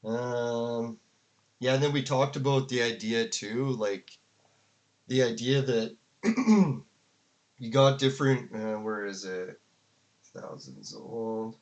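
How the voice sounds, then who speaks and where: A man offers casual, rambling commentary on a debate to his live chat, slow-paced with long pauses and a darkish tone in his mid-range voice. He's full of fillers, restarts, frequent "like," and laughs.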